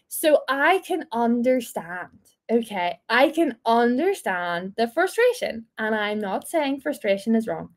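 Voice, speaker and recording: High-voiced playful woman in her twenties. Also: expressive, normal speed. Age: 20s. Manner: playful, laughing, encouraging. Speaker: small group leader. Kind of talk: casual faith talk to a group.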